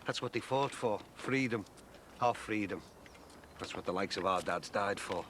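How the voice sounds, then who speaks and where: A man's voice: lowish voice, normal speed, fairly bright tone, a little hiss or hum, natural voice. An actor playing a matey, jovial middle-aged man. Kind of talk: soap opera acting.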